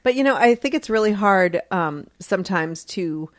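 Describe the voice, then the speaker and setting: A woman in her forties co-hosting a relaxed podcast chat. She swings widely up and down in pitch and is quick to make fun of herself. The sound is dry and close, with no room around it. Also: no room sound. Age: 40s. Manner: chatty, self-deprecating, fast to laugh. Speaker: podcast co-host. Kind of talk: casual chat.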